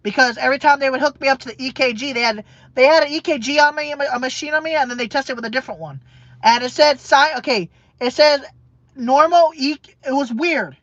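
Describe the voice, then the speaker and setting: A man's voice: very high voice, fast talker, fairly bright tone, dry recording, lo-fi sound. A man talking in a personal vlog monologue, rambling and repeating himself. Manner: rambling and repetitive.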